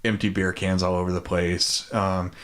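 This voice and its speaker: Low-voiced laid-back man retelling a film. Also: level tone, normal speed, a bit bright. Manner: laid-back, profane, many ums and likes. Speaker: podcast co-host. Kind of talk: casual chat retelling a film.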